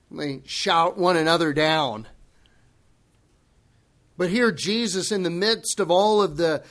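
A man preaching a sermon, emphatic, dropping low and quiet, then rising into loud, forceful bursts. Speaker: pastor.

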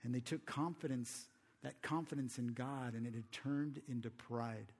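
A man's voice: mid-range voice, steady tone, moderate pace, breathy edge. A man preaching a sermon in a conversational way, often putting rhetorical questions to the audience.

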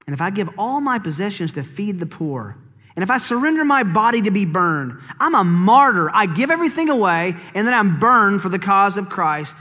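High-voiced, bright preacher in a reverberant hall. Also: male voice, normal speed. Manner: lively, conversational preaching with humor and rhetorical questions. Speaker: pastor. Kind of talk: sermon. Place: church sanctuary. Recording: long reverb of a large hall.

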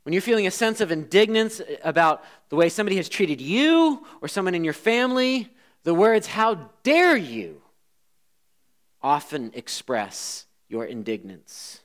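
Male pastor, fairly high voice, sermon delivery with big shifts between loud emphasis and quiet asides. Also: big pitch swings, normal speed. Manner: dynamic preaching, swinging between loud emphasis and hushed asides.

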